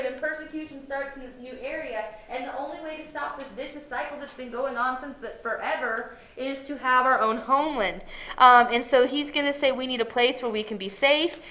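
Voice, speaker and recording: A woman's voice: high voice, pushed and bright, slight background noise. A woman history teacher giving a casual, chatty classroom lecture. She often acts out quoted lines in a playful way. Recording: echoey classroom.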